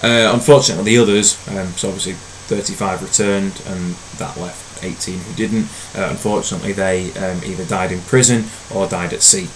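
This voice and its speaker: A man teaching a recorded history lesson in a relaxed, conversational way, with frequent ums and uhs. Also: sits low, brisk, few pauses, a little hiss or hum, rough recording.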